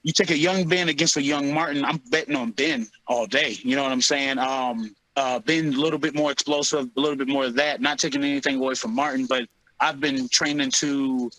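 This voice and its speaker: A man's voice: mid-range voice, fairly quick, no echo, low-quality recording. A man in his thirties, a heavyweight fighter, chatting in an interview and telling stories with lots of laughs and acted-out quotes. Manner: animated storyteller, laughs often, acts out quotes. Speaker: UFC heavyweight fighter, guest. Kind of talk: casual interview chat.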